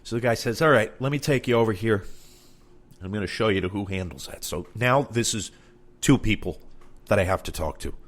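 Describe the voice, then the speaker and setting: Man, lowish voice, comic storytelling, exasperated, swears, plays out both sides of a chat. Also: expressive, fairly quick. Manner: exasperated, profane, acts out both sides of conversations. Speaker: comedian. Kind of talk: comedic storytelling monologue.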